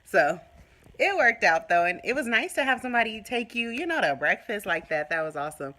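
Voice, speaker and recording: A woman vlogging casually to her phone, telling a story in an animated way and acting out what people said. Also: medium pitch, brisk. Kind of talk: casual chat to camera.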